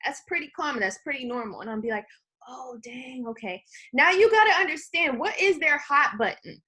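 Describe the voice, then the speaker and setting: A high-pitched woman leads a live online coaching session for her sales team. Her voice is bright and energetic. She keeps checking in with "okay?" and plays out both sides of a phone call. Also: quick pace.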